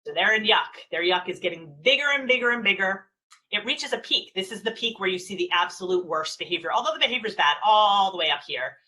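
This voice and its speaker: A woman's voice: mid-range voice, low-quality recording. A woman parenting expert presenting a webinar over a video call, talking animatedly and acting out what parents and children say. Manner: animated, acts out quoted parents and kids.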